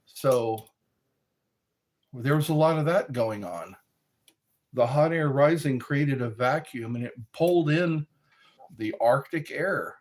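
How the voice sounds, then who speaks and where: A man's voice: lively intonation, slow, long pauses, darkish tone, slight background noise. A middle-aged man hosting a casual livestream, rambling and reading chat messages aloud. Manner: rambling, reads chat aloud, breaks into high howls and quoted lines. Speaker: livestream host.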